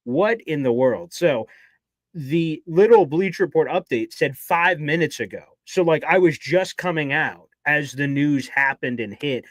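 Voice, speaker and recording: Guy on a sports talk show, kinda high voice, dry close sound, acts out his own reactions. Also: fairly bright tone, no echo. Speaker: podcast co-host. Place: radio station studio.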